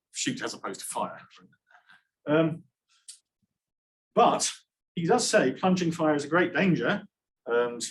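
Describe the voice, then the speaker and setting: A man's voice: a little high, low-quality recording. A man giving an academic lecture, with wry asides and frequent "um" restarts. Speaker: conference presenter.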